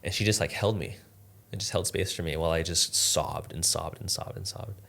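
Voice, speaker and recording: A man's voice: deep voice, a little fast, creaky, a bit bright. A man as a podcast guest, earnestly telling a personal story in a reflective, casual way, with lots of "like". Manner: earnest, reflective, uses "like" often.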